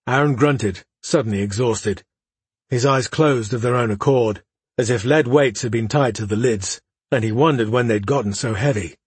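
A man narrating a fantasy novel in a measured, even storytelling voice. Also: medium pitch, husky, dry recording. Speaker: audiobook narrator. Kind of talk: scripted narration.

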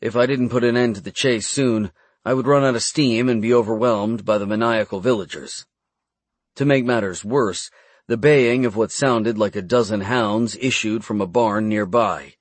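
A man reading a first-person fantasy adventure audiobook in a brisk storytelling manner. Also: mid-range voice, no room sound. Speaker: audiobook narrator.

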